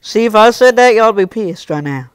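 A man's voice: high voice, lively intonation, moderate pace, clean tone, no echo, studio quality. A young man live streaming, reading and answering his chat in casual talk, scolding some viewers and joking with others. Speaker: livestreamer.

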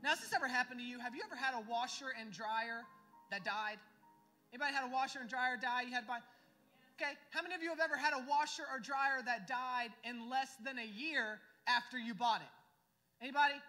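A man's voice: very high-pitched, fairly quick, sharp tone, soft background music. A young adult man preaching a sermon as pastor, emphatic and full of rhetorical questions to the congregation. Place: church sanctuary. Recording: church hall reverb.

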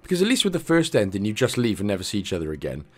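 Chatty jokey man with a lively voice. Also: on the low side, very fast, soft background music. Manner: chatty, jokey, drifts into playful asides. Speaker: game walkthrough host. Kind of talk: casual gameplay commentary.

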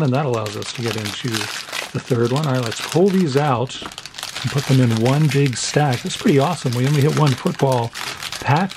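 Against a noisy background, a medium-pitched man runs a card-collecting channel, tearing open packs as he chats. His commentary is casual and rambling, full of self-deprecating asides.

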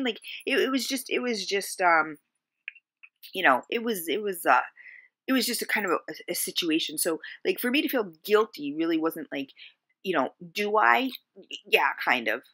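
A woman vlogger with a low voice tells a personal story to camera, halting and searching for words with many fillers. She sounds soft and subdued, sometimes sinking toward a whisper.

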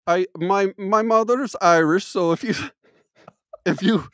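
A man's voice: high voice, no echo, clean studio sound. A man putting on a fake German professor. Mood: mock pompous. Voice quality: clumsy mock German accent that slips. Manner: deadpan, halting, pompous broken English. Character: goofy self-proclaimed German expert professor, male. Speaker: show host in disguise.

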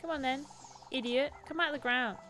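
A woman's voice: high voice, fairly quick, pushed and bright. A woman hosting a game livestream, joking and bantering with her chat in casual let's-play commentary. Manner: playful, jokey, bantering with chat. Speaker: streamer and show host.

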